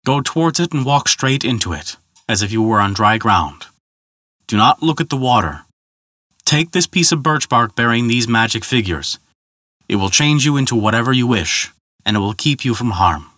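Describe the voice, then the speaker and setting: A man's voice: medium pitch, animated, moderate pace, sharp tone, no room sound, clean studio sound. A man voicing a very old, wise male elder who gives solemn instructions in a folk tale.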